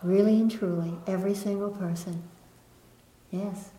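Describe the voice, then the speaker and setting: A woman giving a gentle spiritual talk to a live audience, lilting and laughing softly. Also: medium pitch, fairly even intonation, moderate pace. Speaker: spiritual teacher. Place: room with an audience. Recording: echoey room.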